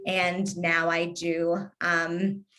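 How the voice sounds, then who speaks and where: A woman's voice: fairly low pitch, level tone, extremely slow, sharp tone, soft background music. Woman, thirties, light Kentucky twang, sarcastic, witty, casual interview guest. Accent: light Southern (Kentucky). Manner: sarcastic, witty, laughs easily. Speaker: guest, lifestyle influencer.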